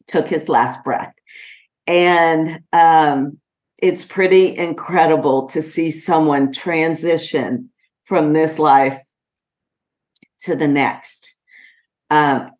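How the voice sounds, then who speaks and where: A middle-aged woman hosting her own podcast, talking slowly and gently with many pauses as she reflects on her personal life. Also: deep voice. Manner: slow, gentle and heartfelt, with frequent pauses and fillers. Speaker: podcast host.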